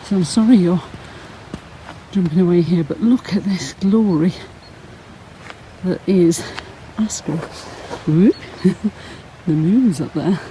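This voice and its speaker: Woman, Sunday school leader, warm mellow tone, slow unhurried telling, a little breathless, faint outdoor hiss. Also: on the low side, low-quality recording. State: slightly out of breath. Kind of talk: outdoor talk to camera on a walk. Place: outdoors on a frosty hillside walk.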